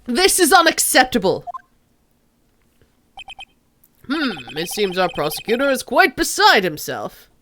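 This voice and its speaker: A woman's voice: a little high, wildly swooping pitch, normal speed, pushed and bright, a little hiss or hum, exaggerated voice. Woman reading a fussy old flustered judge. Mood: formal. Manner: formal, hesitant, stammering. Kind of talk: reading game dialogue aloud. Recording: faint game music behind.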